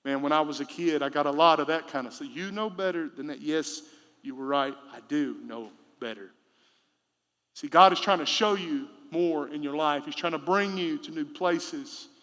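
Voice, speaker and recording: Male pastor, thirties, high bright voice, reverberant church hall, casual sermon with loud bursts. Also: fairly even intonation, moderate pace. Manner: conversational preaching with sudden loud emphatic bursts. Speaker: senior pastor. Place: church sanctuary.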